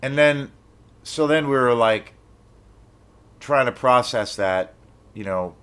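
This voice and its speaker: A young man telling a rambling, animated story in a casual vlog, swearing when he gets excited. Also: mid-range voice, slow, smooth. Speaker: film vlogger.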